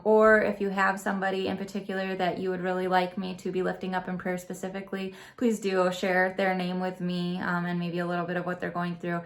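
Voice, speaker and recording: A woman in her thirties, a Catholic vlogger chatting to viewers in an earnest, gentle way, with frequent ums and soft laughs. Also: fairly low pitch, vocal fry. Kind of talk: casual chat to viewers.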